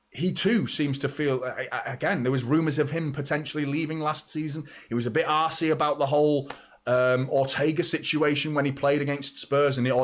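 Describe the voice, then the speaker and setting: A young English man hosting a live football watchalong, chatting casually and rambling to viewers by name. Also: fairly high pitch. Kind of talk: casual live match chat.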